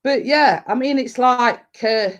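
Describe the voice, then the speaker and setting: A middle-aged woman with a Yorkshire accent and a slightly deep voice, chatting casually on a livestream and rambling with lots of fillers. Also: slow. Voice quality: a bit deep. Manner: rambling, full of fillers and restarts. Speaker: livestream host. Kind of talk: casual live chat.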